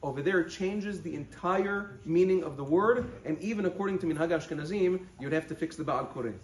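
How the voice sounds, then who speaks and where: A man, a rabbi, giving a short halacha lesson, explaining step by step and slowing down to stress words when he quotes verses. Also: on the high side. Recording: roomy echo.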